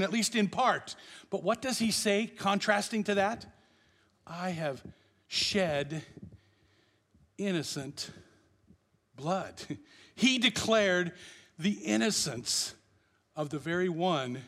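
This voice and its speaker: A man preaching a passionate sermon as pastor, swinging between loud declarations and hushed, quiet lines. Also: high-pitched, measured pace, big-room sound.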